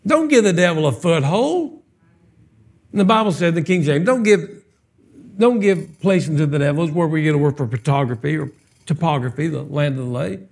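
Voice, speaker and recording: A man preaching a sermon to his congregation in a church, animated and joking, firing off rhetorical questions. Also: fairly high pitch, brisk, creaky, breathy edge. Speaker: pastor. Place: church sanctuary, live service.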